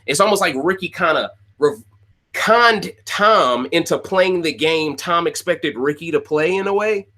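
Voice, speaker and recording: Man, fairly high voice, casual rant commentary, opinionated, repeats himself, addresses viewers. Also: animated, measured pace, sharp tone. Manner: opinionated, repeats phrases, talks to viewers directly. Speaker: podcast host recapping a reality show.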